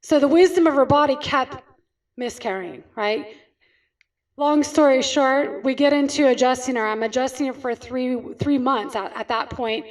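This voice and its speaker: A woman from California with a high voice, speaking as a chiropractor to a group. She tells stories and asks questions she then answers, checking in often with "right?". She is heard from some distance off the mic. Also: normal speed. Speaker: chiropractor giving a talk. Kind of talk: storytelling talk to an audience.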